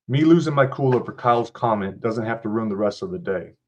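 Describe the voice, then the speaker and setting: A podcast host with a lowish male voice reads an interactive story aloud, breaking off for casual, foul-mouthed comments. His delivery stays easy and conversational. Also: expressive, fairly quick, few pauses, slight background noise. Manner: casual, profane asides.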